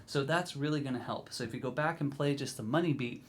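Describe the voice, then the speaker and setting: A man teaching drums, explaining grooves in a relaxed, encouraging way, counting in and scatting rhythms. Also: medium pitch, fast, few pauses, slight background noise. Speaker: drum teacher. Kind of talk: instructional video talk.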